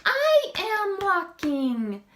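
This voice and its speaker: A woman voicing a tiny, eager baby chick that copies everything with squeaky, insistent repetition while reading a picture book aloud. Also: huge pitch swings, drawn-out words, bright, forceful tone, slight background noise, exaggerated voice.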